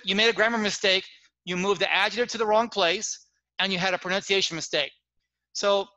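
A man giving a webinar lecture on teaching, explaining with lively worked examples over a video call. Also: high voice, dry recording, poor audio. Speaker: teacher trainer.

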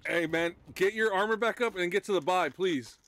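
A man on a live stream playing a shooter game with friends, excitable and swearing often. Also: sits high, moderate pace, a little hiss or hum. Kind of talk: casual game chat.

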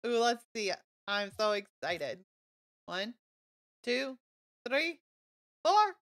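A woman game streamer chatting live with her viewers in a bubbly, gushing way, easily thrilled by new items. Her voice is bright and ringing, and it sits a little higher than most women's. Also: sing-song, drawn-out words, long pauses. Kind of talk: casual live-stream chat while playing.

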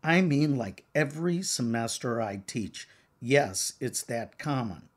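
Older male professor, husky, slow and deliberate, emphatic teaching delivery. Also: mid-range voice, expressive. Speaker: counseling exam prep author and professor. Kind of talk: lecture to exam takers.

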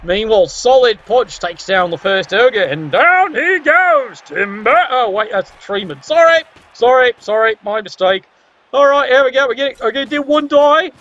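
A man's voice: extremely high pitch, lively intonation, moderate pace, a bit bright, highs cut off. A man commentating a tabletop sports game with wry, sarcastic asides.

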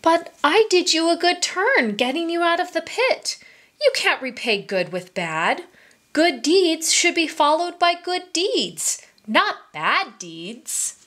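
A woman reading a storybook aloud and voicing a kind male merchant, high-pitched and protesting in alarm. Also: sing-song, slow, fairly bright tone, heavily acted. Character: kind, indignant male merchant who insists on fairness.

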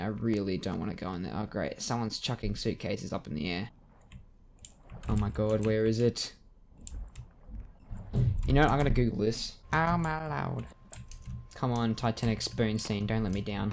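A man giving let's play commentary at his computer, joking and reacting with excitement to the game as he plays. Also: on the low side, creaky, slight background noise. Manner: excitable, jokey, yelps and laughs at the game. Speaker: gaming YouTuber.

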